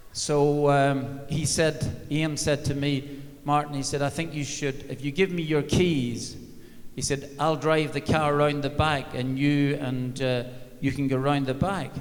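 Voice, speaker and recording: The long reverb of a big hall surrounds a former football manager, an older man, as he shares wryly funny stories live on an arena stage. He talks slowly in a steady tone and a fairly high voice, his humour dry and anecdotal.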